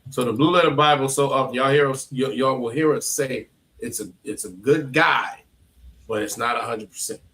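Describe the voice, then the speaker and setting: A man leading a scripture class as its teacher, encouraging students and laughing easily. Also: mid-range voice. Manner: animated, encouraging, quick to laugh.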